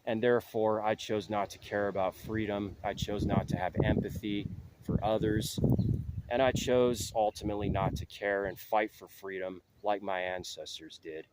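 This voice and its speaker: A man's voice: lowish voice, fairly even intonation, moderate pace, heavy background noise, close to an everyday voice. A man acting out a father blaming himself bluntly while speaking to his young daughter. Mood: self-loathing. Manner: self-condemning, blunt. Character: ashamed father confessing to his small daughter.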